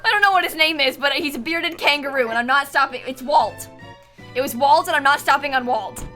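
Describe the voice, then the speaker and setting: A woman live-streamer chatting to herself as she plays. Her voice sits high and sounds bright and sharp. She comes across as exasperated, laughing often, with soft music underneath. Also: brisk. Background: faint background music.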